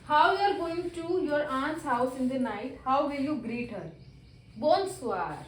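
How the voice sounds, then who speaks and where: A high-voiced woman teaches beginner French, checking worksheet answers one by one and repeating each for her pupils. Her English phrasing is a little non-native. The room is roomy and echoey, with faint background hum. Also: animated, measured pace, distant mic. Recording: roomy echo, voice a little off-mic.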